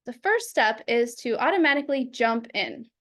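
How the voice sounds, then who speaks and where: Animated high-voiced woman teaching speaking. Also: normal speed. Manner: animated, acts out examples in quoted voices. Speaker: public speaking educator. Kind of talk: instructional talk. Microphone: video call.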